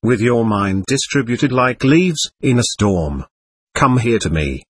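A man voicing a serene elderly male guru who speaks in a calm, measured, kindly way. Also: mid-range voice, husky, no echo. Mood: chiding.

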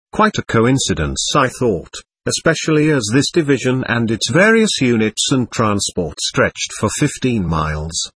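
A man reading a first-person memoir aloud at a measured, steady pace. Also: medium pitch, husky, no echo.

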